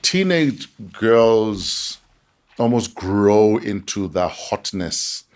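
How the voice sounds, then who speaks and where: Guy, lowish voice, calm and measured, podcast talk. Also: slight background noise. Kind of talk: casual podcast chat.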